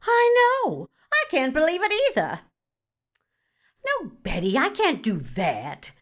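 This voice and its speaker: A woman's voice: medium pitch, big pitch swings, fairly bright tone. A woman voicing an outraged, gossiping woman complaining about a coworker on the phone, in an exaggerated, indignant rant. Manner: exaggerated, indignant, rapid ranting.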